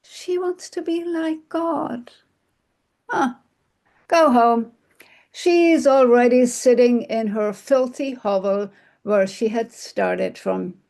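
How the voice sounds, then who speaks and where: A woman's voice: fairly high pitch, slow, creaky, a little mellow. A woman voicing a magic fish who answers curtly and dismissively. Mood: stern. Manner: curt and dismissive. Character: magic flounder fish, weary and stern.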